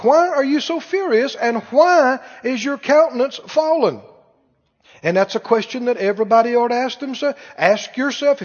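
High-voiced animated preacher in echoing hall. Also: male voice. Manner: animated, rhetorical questions to congregation. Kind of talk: sermon. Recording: muffled sound with long hall reverb.

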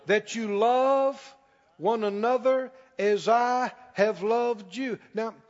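A man preaching a sermon as pastor, emphatic, slowing down and rising on key lines. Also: extremely high pitch, steady tone. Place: church sanctuary. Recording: dull sound with long hall reverb.

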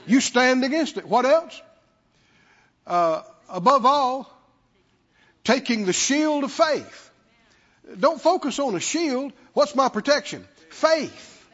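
High-voiced, slow-preaching man in a reverberant hall. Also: lively intonation, fairly bright tone. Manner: emphatic, repetitive call-and-response with the congregation. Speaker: pastor. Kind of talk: sermon. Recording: dull lo-fi sound with long hall reverb.

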